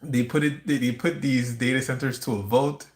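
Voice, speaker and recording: A man's voice: medium pitch, steady tone, normal speed. A man hosting a livestream, talking in a rambling, conspiratorial monologue with restarts and wry asides. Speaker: livestream host. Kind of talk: casual ranting monologue. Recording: roomy echo.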